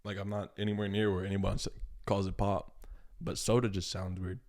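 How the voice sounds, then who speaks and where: Young man, low voice, Southern country accent, easygoing, podcast guest. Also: flat delivery, normal speed, a little mellow. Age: young adult. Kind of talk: casual chat.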